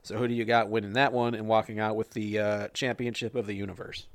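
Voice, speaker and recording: A man's voice: fairly low pitch, no echo. A man co-hosting a casual wrestling podcast, joking and swearing as he rambles through predictions. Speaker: podcast co-host.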